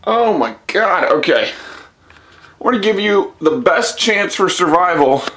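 High, animated, stammering startled man. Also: measured pace, slight background noise. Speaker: vlogger. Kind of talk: casual home video. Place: house.

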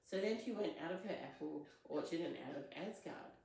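A woman's voice: on the low side, fairly quick, gravelly, a little mellow. A woman retelling a myth in a casual, chatty way, as a storyteller. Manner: chatty, loose, with fillers. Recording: very echoey room.

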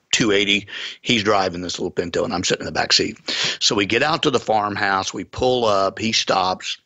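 A man with a fairly low, husky voice tells a story on a podcast, lively and forceful in delivery. The sound is dry and close, with no room around him. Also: no room sound. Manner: vivid, animated retelling. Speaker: pastor.

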